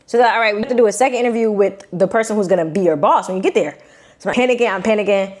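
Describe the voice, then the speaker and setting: A young woman from Brooklyn with a New York accent, telling a personal story to her viewers in a casual, animated, slangy way. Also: medium pitch, rapid-fire. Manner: animated, slangy, acts out quotes in shifting voices. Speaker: vlogger.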